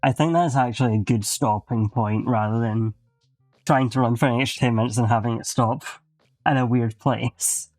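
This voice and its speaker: A man chatting casually as he wraps up a game stream, relaxed and loose. He is on a close mic in a dry room, with soft music playing under his voice. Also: mid-range voice, moderate pace, no echo.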